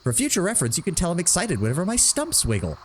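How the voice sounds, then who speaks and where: A man's voice: high voice, wildly swooping pitch, fast talker, a little hiss or hum, voice pushed up. A man reading aloud as a playful young winged woman adventurer, self-mocking and teasing. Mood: joking.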